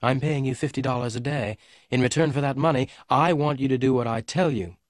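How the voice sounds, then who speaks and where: A man reading as a cold, sharp young blonde woman. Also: medium pitch, fairly quick, no room sound, studio quality, voice pushed up, lightly acted. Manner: curt, icy delivery. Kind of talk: audiobook reading for English learners.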